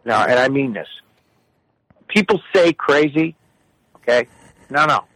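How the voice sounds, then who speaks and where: A man telling rambling comic stories in a casual, profane, animated way. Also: medium pitch, measured pace, no room sound, poor audio. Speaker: regular of the show. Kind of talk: casual comedic storytelling.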